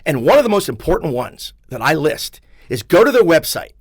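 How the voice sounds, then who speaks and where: A man's voice: fairly high pitch, very animated, brisk, dry recording, studio quality. A middle-aged man, an attorney and author, talking earnestly and emphatically in a casual podcast conversation, with a self-deprecating streak. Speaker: attorney and book author, guest.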